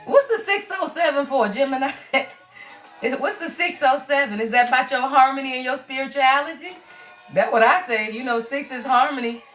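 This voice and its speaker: Hoarse, chatty woman streaming live. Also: high voice, a bit bright, poor audio. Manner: chatty, playful, talks straight to her viewers. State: strained, hoarse voice. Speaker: tarot reader hosting a live stream. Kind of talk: casual live-stream chat.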